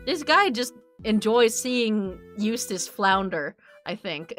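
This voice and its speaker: A woman's voice: mid-range voice, lively intonation, takes it slowly, hardly any pauses, a bit bright, soft background music. A woman from New Jersey giving game commentary as a streamer, giggly, profane and incredulous.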